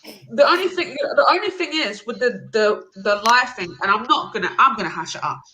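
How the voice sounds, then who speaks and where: A woman's voice: a little high, animated, brisk, bright, forceful tone, poor audio. A woman chatting casually on a live panel, stumbling and restarting as she talks.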